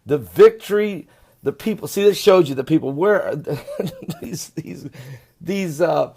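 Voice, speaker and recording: A man giving an animated, sarcastic video commentary, swinging between loud emphasis and muttering. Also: high voice, slow, slightly rough. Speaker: online commentator.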